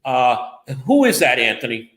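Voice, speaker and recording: A man's voice: mid-range voice, sing-song, normal speed, fairly bright tone, roomy sound, low-quality recording. A man co-hosting a local political talk show, defensive and rambling as he explains himself. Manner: defensive, rambling, repeats the other host's name. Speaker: co-host and local reporter. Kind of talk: casual political chat show.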